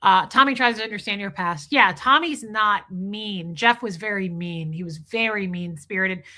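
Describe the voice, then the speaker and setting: A woman's voice: medium pitch, normal speed, sharp tone. A woman hosting a casual livestream, answering viewers in a candid, blunt way and swearing freely. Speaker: livestream host.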